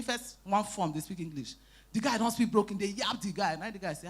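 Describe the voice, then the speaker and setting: A woman with a Nigerian Pidgin accent doing live stand-up comedy, telling animated stories, shouting out acted lines and teasing the crowd. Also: mid-range voice, fairly quick, breathy edge. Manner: animated storytelling, bursts into shouting and acted quotes, teases the crowd. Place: live event stage.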